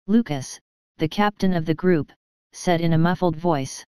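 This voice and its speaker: Crisp low-voiced woman narrating. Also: moderate pace, mellow, dry recording. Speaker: audiobook narrator. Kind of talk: scripted narration.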